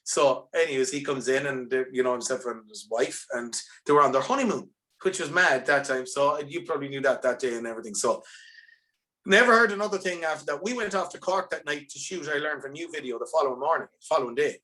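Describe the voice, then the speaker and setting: An Irish man, a band's lead singer, chatting as a guest on a podcast and telling animated, rambling stories with many restarts over earphones on a video call. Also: mid-range voice, quick pace. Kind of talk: casual podcast chat.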